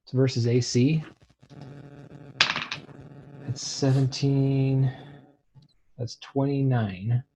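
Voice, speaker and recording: A man's voice: medium pitch, level tone, drawn-out words, long pauses, dark tone. A man playing a tabletop game, describing his character's moves loosely and often laughing. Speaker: player. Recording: muffled lo-fi mic.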